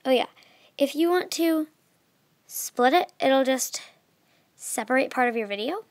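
A woman's voice: high voice, animated, measured pace, no room sound. Chatty young woman, dry close sound. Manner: chatty, filler-heavy, trails off softly. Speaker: video tutorial maker. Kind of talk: casual screen tutorial.

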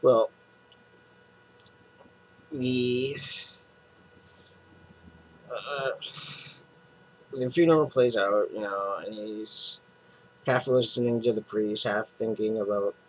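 A man's voice: on the low side, slow pace, long pauses, slight background noise, low-quality recording. A man casually recapping a comic book plot, rambling with lots of fillers and restarts.

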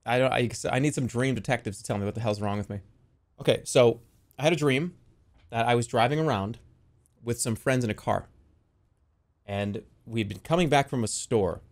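A young man telling a wild story to his stream in a casual, animated way, swearing freely. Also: mid-range voice, normal speed, long pauses. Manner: animated, swears a lot, yells in the quoted bits.

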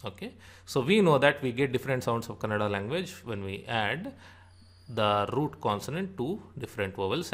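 A man teaching an alphabet lesson, saying each sound and example word slowly and repeating them. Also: medium pitch, very animated, fairly bright tone. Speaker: language teacher. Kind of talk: slow spoken alphabet lesson.

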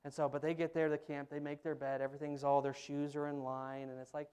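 Animated storytelling preacher, a man. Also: a little high, quick pace, clean tone. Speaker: pastor. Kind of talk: sermon. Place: church sanctuary.

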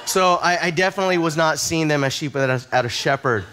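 Fairly high-voiced male pastor, conversational. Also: fast talker, sharp tone, a little hiss or hum. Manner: conversational, self-deprecating storytelling, repeats words as he starts sentences. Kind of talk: sermon with personal stories. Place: church service.

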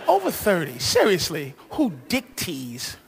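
A man doing a crude, rambling stand-up comedy set on a live stage, shouting his punchlines and acting out voices. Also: high-pitched, huge pitch swings, unhurried, creaky, noisy background.

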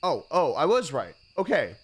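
A man's voice: a little high, wildly swooping pitch, normal speed, slightly rough. A man streaming a horror game, giving casual commentary with jittery, nervous exclamations.

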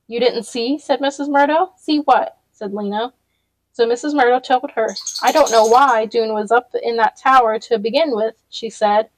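Lady reading a book out loud, kinda high voice, dry close mic, easygoing with little restarts. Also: no echo, poor audio. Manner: relaxed reading with small restarts and self-corrections. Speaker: narrator reading a novel aloud. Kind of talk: read-along storytelling.

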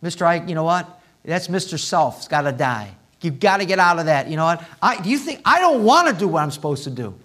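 A male pastor preaching a sermon in a church, swinging from hushed asides to loud, impassioned appeals. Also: fairly high pitch, sing-song, brisk. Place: church sanctuary.

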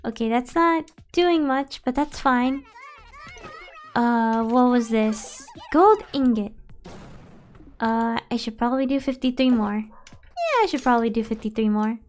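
High-voiced bilingual woman gaming streamer. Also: a little slow. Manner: chatty, switches between English and Spanish, excitable outbursts. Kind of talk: casual gaming stream chat. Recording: faint background music.

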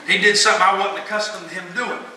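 A man's voice: high-pitched, quick pace. A man preaching a folksy storytelling sermon at a revival, acting out the people in his story. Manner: folksy, animated, acts out quoted voices. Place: large church sanctuary. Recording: echoey church, distant mic, noisy.

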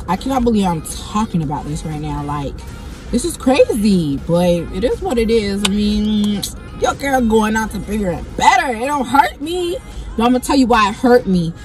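A young woman vlogger telling a story in a blunt, profane and animated way, often going off on tangents. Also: medium pitch. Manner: blunt, profane and animated, keeps getting sidetracked. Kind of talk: casual storytime monologue.

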